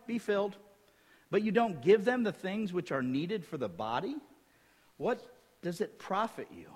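A male pastor preaching a sermon, reading scripture aloud and acting out little dialogues in a lively, emphatic way. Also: high voice. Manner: animated preaching, quotes scripture, acts out dialogue. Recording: reverberant hall.

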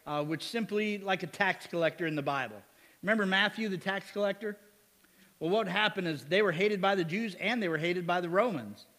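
High-voiced lively male preacher. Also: long reverb tail. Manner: lively, asks the congregation "amen?", chuckles often. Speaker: pastor. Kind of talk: sermon.

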